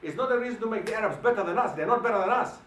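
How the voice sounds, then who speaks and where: A man giving an emphatic, animated lecture and firing questions at the audience, recorded in a hall. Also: high voice, very fast. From Germany. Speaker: guest lecturer. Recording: echoey hall, mic at a distance.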